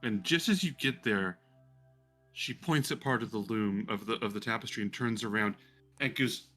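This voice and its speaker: A man narrating as game master for a tabletop game, hesitant with many pauses. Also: lowish voice, a bit bright, soft background music. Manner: hesitant, many ums, descriptive.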